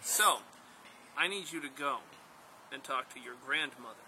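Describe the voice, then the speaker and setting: A man voicing a calm, kindly male creator spirit who speaks patiently in a told story. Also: medium pitch, vocal fry, background noise. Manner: gentle, patient, unhurried.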